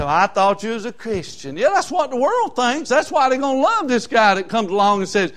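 A man's voice: very high-pitched, sing-song, a little fast, few pauses. An older man with a South Carolina Southern accent preaching a fiery, folksy sermon in colloquial grammar.

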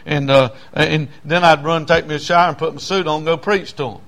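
A man preaching a storytelling sermon in a folksy, repetitive way that turns loud when he is stirred. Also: on the high side, fairly even intonation, a little fast.

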